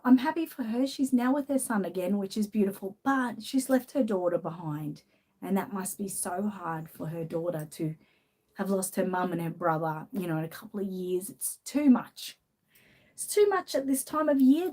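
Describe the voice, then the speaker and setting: Australian woman, casual live-stream host, greets viewers by name, emotional and soft-spoken. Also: mid-range voice. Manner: chatty, greets viewers by name between thoughts.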